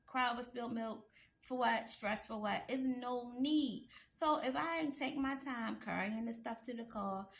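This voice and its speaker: Gravelly chatty woman vlogger. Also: a little high, moderate pace, a bit bright. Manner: chatty, emphatic, addresses viewers as y'all. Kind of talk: casual storytelling to viewers.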